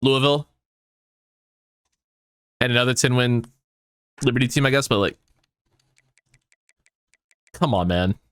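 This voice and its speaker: A man commenting on his own football video game dynasty, excitable and swearing often as his mood swings between hype and outrage. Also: mid-range voice, measured pace, long pauses, smooth, no room sound. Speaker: gaming YouTuber. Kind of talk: let's play commentary.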